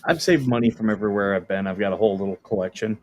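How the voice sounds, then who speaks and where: A man who served as a Marine, chatting casually with a relaxed, chuckling manner. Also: on the low side, rapid-fire, slight background noise. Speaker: former Marine co-host. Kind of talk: casual chat. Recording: dull lo-fi mic.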